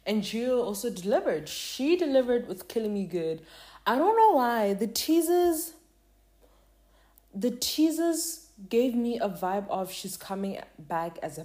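Chatty young-sounding woman with a mellow voice. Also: on the low side. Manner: chatty, rambling, slangy. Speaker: K-pop reviewer. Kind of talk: casual talk to camera.

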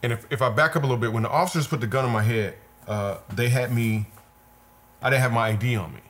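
A comedian guest, a man with a mid-range voice, shares a personal story at a quick pace. It's conversational storytelling, earnest and vivid, and he repeats himself a lot.

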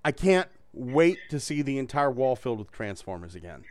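A man's voice: medium pitch, very animated, normal speed, dry recording. A man hosting a casual podcast, joking, swearing and laughing often. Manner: profane, joking, laughs a lot. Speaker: host.

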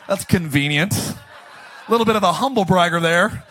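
High, bright, animated preaching man. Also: normal speed, long pauses. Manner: energetic, jokey, often bursts into shouting. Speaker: pastor. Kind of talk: comedic Easter sermon.

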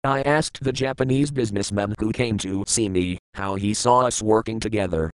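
Smooth-voiced male audiobook narrator. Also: lowish voice, no room sound, poor audio. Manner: measured, plain storytelling. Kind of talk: first-person audiobook narration.

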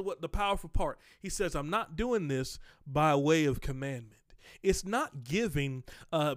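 A man preaching a sermon, reading scripture aloud and explaining it conversationally, moving between slow emphasis and quick asides. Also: a little high, no room sound, studio quality.

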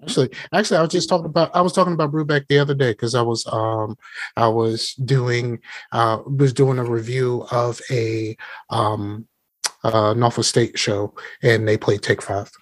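A man's voice: medium pitch, fairly even intonation, moderate pace. A man co-hosting a podcast in casual chat, often restarting and repeating words. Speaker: podcast co-host.

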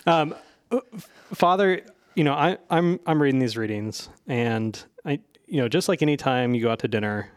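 Playful rambling podcast host. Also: male voice, medium pitch, expressive, normal speed, clean tone, no room sound. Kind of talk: casual podcast chat.

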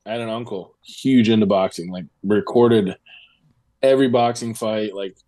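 A man's voice: lowish voice, fairly even intonation, moderate pace, warm tone, dry recording. A man in his thirties co-hosting a podcast, rambling casually with lots of fillers and swearing. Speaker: podcast co-host. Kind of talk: casual chat.

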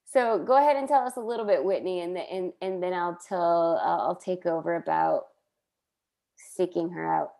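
A woman's voice: fairly low pitch, moderate pace, vocal fry, dark tone. A woman co-hosting a podcast in casual chat, telling a story unhurriedly and acting out the quotes. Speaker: podcast co-host. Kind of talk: casual chat recapping a sitcom.

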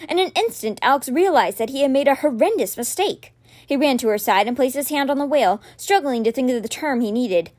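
A woman reading a children's fantasy novel aloud for a podcast, with expressive, dramatic storytelling. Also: high-pitched, fairly quick. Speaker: podcast reader.

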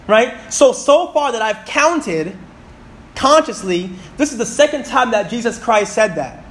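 A man in his thirties preaching a sermon in church, reading scripture slowly and calling out to the congregation. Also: extremely high pitch. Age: 30s. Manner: animated, reads scripture slowly and calls out to the congregation.

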